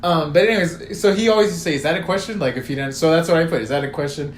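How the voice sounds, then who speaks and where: A young man co-hosting a podcast tells a story in casual chat, swearing a lot and quoting text messages. His voice is a little high and he races along. The recording has a roomy echo and faint room noise.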